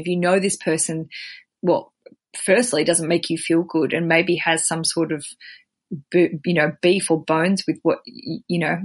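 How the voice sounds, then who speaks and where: An Australian woman hosting a podcast in casual, chatty talk, animated and quick to poke fun at herself. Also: fairly low pitch. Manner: chatty, animated, self-deprecating. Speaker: podcast host.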